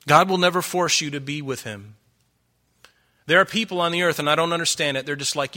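A man's voice: on the high side, a little fast, bright, forceful tone. A middle-aged man preaching a sermon, earnest and pleading, his voice rising for emphasis.

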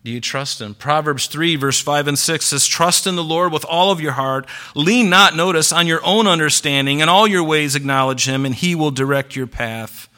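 A man's voice: fairly high pitch, normal speed, few pauses, sharp tone. A male pastor preaching a Sunday sermon, asking the congregation questions and acting out the Bible stories he reads. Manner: preaching, rhetorical questions, voice rising and falling.

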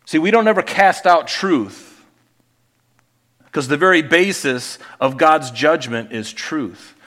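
A middle-aged man preaches a sermon in a conversational style, posing rhetorical questions and restarting sentences as he goes. His pitch sits on the high side, and his voice is expressive and a bit bright, with a slow pace.

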